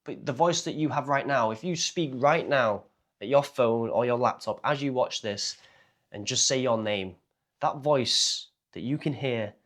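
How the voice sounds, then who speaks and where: A man's voice: medium pitch, a bit bright. A man, a speaking coach, talking straight to camera in a blunt, self-mocking way and swearing casually. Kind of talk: casual direct-to-camera talk.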